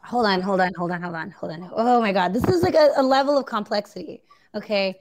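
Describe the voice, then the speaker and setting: A woman's voice: medium pitch, animated, a little fast. A woman with a New Zealand accent, co-hosting a podcast in casual chat, chatty and giggly with many fillers. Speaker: podcast co-host.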